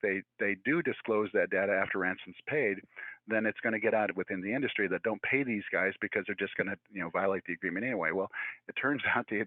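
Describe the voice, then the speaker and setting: Fast-talking man on tinny call audio. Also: lowish voice, dry recording. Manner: fast, conversational with many fillers and restarts. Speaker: guest speaker. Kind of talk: virtual presentation. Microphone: video call. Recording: tinny phone-like audio, dry.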